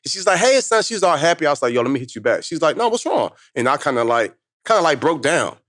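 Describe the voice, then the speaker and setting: A man in his thirties, a motivational speaker, telling his life story in lively slang-filled conversation as a podcast guest. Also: medium pitch, no echo, studio quality. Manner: fast, animated street-slang storytelling.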